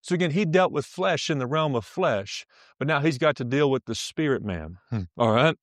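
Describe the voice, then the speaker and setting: A man preaching a sermon, who often repeats himself, checks in with his listeners and slows down for emphasis. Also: mid-range voice, lively intonation, no room sound, clean studio sound. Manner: repetitive, checks in with "all right?".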